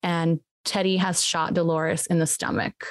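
Animated woman retelling a film plot. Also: a little slow, no room sound. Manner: animated storytelling, acting out quotes with jumps in pitch. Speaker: podcast co-host recapping a film.

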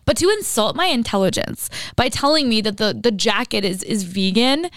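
A woman's voice: a little high, moderate pace, no room sound. A young woman co-hosting a podcast, ranting in casual chat, swearing and filling her talk with "like". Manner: ranting, animated, swears, says "like" a lot. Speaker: podcast co-host.

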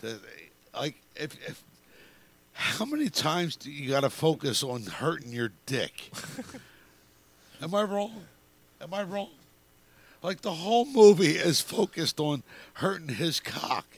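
A man's voice: on the high side, big pitch swings, slow, pauses often, breathy edge. A man giving a rambling, profane movie review in casual bar chat, stumbling over his words.

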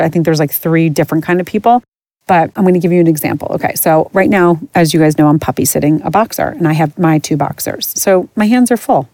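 A woman's voice: lowish voice, warm tone, no room sound. A middle-aged woman hosting a podcast, ranting in a blunt, profane and exasperated way. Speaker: podcast host. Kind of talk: casual ranting monologue.

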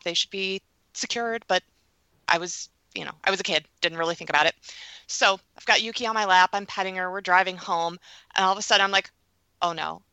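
A woman co-hosting a podcast, telling a story in relaxed, chatty conversation. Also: fairly low pitch, creaky, no room sound. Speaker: podcast co-host. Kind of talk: casual storytelling chat.

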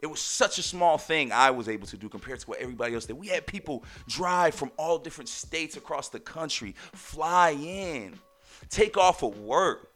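A man's voice: a little high, moderate pace, soft background music. A young man hosting a podcast, telling a family story in casual slang, full of "like" and "right?". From Texas. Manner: animated, talks in loose slang with lots of "like" and "right?". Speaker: podcast host.

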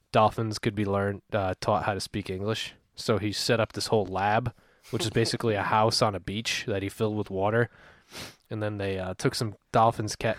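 A man's voice: lowish voice, dry recording, studio quality. A man hosting a casual podcast chat, rambling through stories and laughing often.

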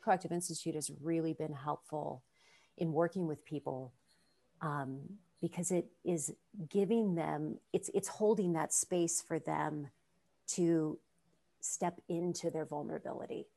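A woman coach talking in a relaxed conversation; she sounds thoughtful and encouraging. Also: low-pitched, a little slow, gravelly. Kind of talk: casual conversation.

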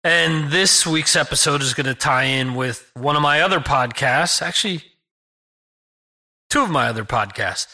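A man hosting a podcast, opening the episode in a relaxed, chatty way. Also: fairly high pitch, normal speed. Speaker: podcast host. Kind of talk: podcast show introduction.

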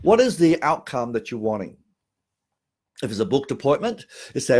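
A man's voice: medium pitch, expressive, fairly quick, darkish tone. A middle-aged Australian man giving a sales training talk on phone calls, emphatic, repeating key phrases and often restarting sentences.

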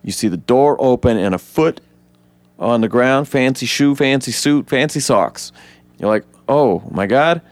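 A man co-hosting a casual podcast, retelling a film scene by scene with lively acted-out quotes and frequent swearing. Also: normal speed, no echo. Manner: animated retelling, acts out quotes in high voices; swears freely. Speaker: podcast co-host. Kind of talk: casual movie breakdown chat.

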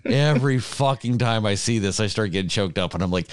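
A man's voice: on the low side, a little fast, clean tone, dry recording, clean studio sound. A man in a casual chat, ranting emotionally with heavy swearing and laughing between his words.

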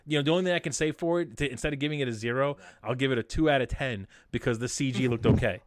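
A man co-hosting a casual podcast chat, ranting in an animated, sarcastic way. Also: medium pitch, very fast. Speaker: podcast co-host.

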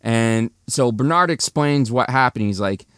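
A man giving a chatty, animated recap of a movie's plot, restarting sentences as he goes. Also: medium pitch, a little slow, smooth, no echo, studio quality.

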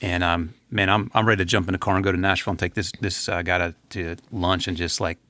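A man co-hosting a podcast, chatting casually in a rambling, animated way with many restarts. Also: low-pitched, fast talker, slight background noise. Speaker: podcast co-host.

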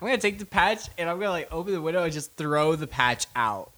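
A man joins a tabletop game as a player and chats casually with the table. His voice sits a little high and moves around a lot in pitch. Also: lively intonation, fast, sharp tone.

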